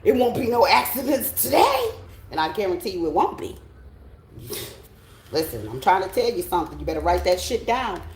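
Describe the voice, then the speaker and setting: A woman's voice: mid-range voice, sing-song, a little fast, darkish tone. A middle-aged American woman speaks as a tarot reader, emphatic and blunt, swearing freely and checking in with her listeners. Her voice sounds roomy and echoey, with a faint hiss of ambience behind it. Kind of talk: casual spiritual pep talk.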